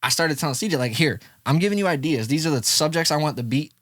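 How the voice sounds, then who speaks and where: A music producer and engineer in his thirties from Syracuse, New York, tells his story as a guest on a casual podcast, talking quickly. He's an animated storyteller who acts out old conversations with big pitch jumps, recorded dry in a clean studio.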